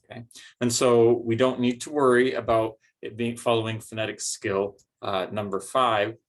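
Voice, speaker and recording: A man's voice: mid-range voice, little pitch movement, normal speed. A man teaching a recorded phonics lesson, explaining patiently step by step with some fillers.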